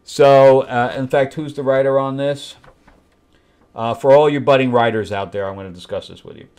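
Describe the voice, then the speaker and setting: A man's voice: mid-range voice, steady tone, moderate pace, a little mellow, clear, resonant tone. A man hosting a comic book review show, talking bluntly and with open frustration, and mocking the characters in put-on voices as he flips through the pages. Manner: blunt, exasperated critique with mocking acted-out quotes. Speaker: host.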